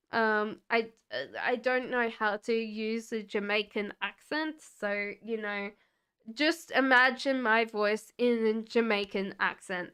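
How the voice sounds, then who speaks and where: A woman doing live-stream tarot readings, talking to chat viewers in a relaxed, chatty and reassuring way. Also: on the high side, clean tone. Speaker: tarot reader.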